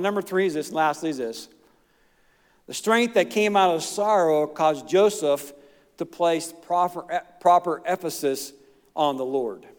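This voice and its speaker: Middle-aged male pastor, folksy sermon, slightly high voice, long church reverb. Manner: folksy, plain-spoken preaching with asides and chuckles.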